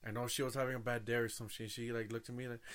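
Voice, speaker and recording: A man in casual podcast chat, crude and lively, telling stories with mimicry. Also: medium pitch, rapid-fire, smooth.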